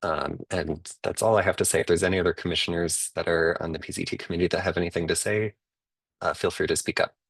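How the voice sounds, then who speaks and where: Commissioner, male, very low and monotone, presents a resolution in a halting way. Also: creaky, breathy edge, no echo. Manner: halting, with filler words. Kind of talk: meeting presentation.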